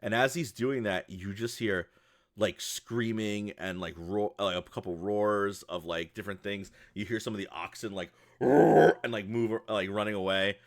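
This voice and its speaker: Bright-voiced man running a tabletop game. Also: on the low side, fairly even intonation, normal speed. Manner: casual, rambling, full of fillers. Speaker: game master.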